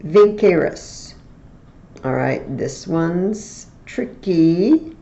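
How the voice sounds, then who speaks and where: Slow, patient woman teaching Latin. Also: sits low, lively intonation, darkish tone, roomy sound. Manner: patient, slow, step-by-step explaining. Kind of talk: recorded tutorial lesson.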